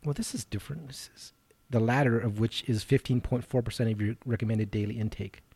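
A man's voice: medium pitch, fairly quick, gravelly, breathy edge. Teasing, goading male podcast host. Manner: teasing, goading, reads facts aloud flatly. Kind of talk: casual podcast banter.

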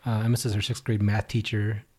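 Fast-talking, husky-voiced podcast guy. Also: lowish voice, flat delivery, darkish tone. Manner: quick, dry wisecracks and reading out listener comments. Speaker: podcast co-host. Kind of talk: casual chat.

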